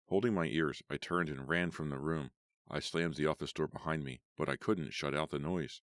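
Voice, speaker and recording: A man narrating a first-person horror audiobook in a measured storytelling manner. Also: a bass voice, fairly bright tone, no room sound.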